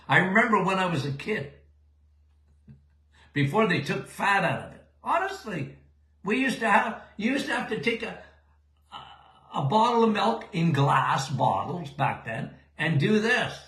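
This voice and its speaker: A man's voice: high voice, very animated, a little slow, pauses often, fairly bright tone, reverberant. An older man hosting a live Q&A show as a doctor answering listener questions, folksy and emphatic, often checking in with "okay?".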